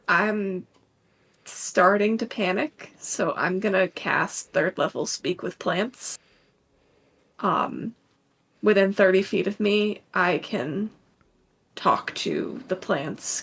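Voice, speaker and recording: A woman's voice: mid-range voice, gravelly, fairly bright tone, husky. A woman playing a tabletop game, talking hesitantly and repeating herself. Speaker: player. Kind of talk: casual tabletop game play.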